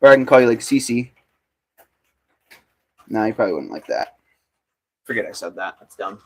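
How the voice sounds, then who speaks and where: A man's voice: lowish voice, sing-song, moderate pace, vocal fry. A young man making pottery on a livestream, chatting casually, joking and answering viewers' comments as he works.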